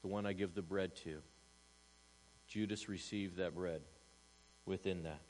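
A man pastor preaching a sermon to a church congregation, swinging from loud emphasis to hushed asides and asking rhetorical questions. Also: low voice, fairly even intonation, unhurried, a little hiss or hum, low-quality recording. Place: church service.

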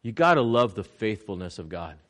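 A man preaching a sermon, animated, acting out little scenes in quoted voices. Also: a little fast. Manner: animated preaching with swings in pitch and loudness. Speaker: pastor.

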